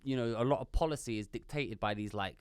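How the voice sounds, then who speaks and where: A man co-hosting a podcast, talking in halting bursts with many restarts. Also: medium pitch, clear, resonant tone, dry recording, studio quality. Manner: halting, full of restarts and fillers. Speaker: podcast co-host. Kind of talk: casual chat.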